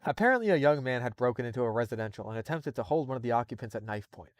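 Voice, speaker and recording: A man's voice: mid-range voice, lively intonation, racing, no room sound. A man doing a casual live reading of a horror story, swearing freely and breaking off into laughing asides. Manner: profane, laughing, digressive asides. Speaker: story reader, streamer.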